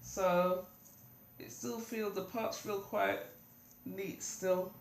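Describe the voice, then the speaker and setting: A woman from the UK, nursing a cold, talks casually to her camera in a relaxed, rambling way, filling gaps with ums. Her voice sits at an ordinary middle pitch. The room around her is echoey with a faint hiss. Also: drawn-out words, creaky. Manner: chatty and rambling, many ums. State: has a cold. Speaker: vlogger. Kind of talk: casual hair update vlog. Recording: roomy home recording.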